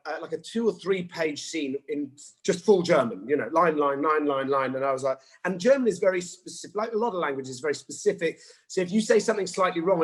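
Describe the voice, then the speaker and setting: A man in his forties from England, an actor, is a guest in a casual interview. His voice is on the high side, and he tells stories animatedly while acting out quotes. The recording is rough.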